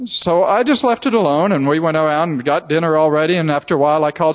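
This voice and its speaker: A man's voice: a little high, quick pace, few pauses. An older man preaching a sermon, telling a heartfelt family story with emotion and repeated words. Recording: reverberant hall.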